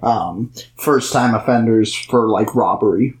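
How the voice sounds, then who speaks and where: A young man co-hosting a podcast, chatting casually about a film and adding quick remarks. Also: fairly low pitch, a little hiss or hum. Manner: quick interjections, chatty and swearing. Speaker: podcast co-host. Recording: roomy echo.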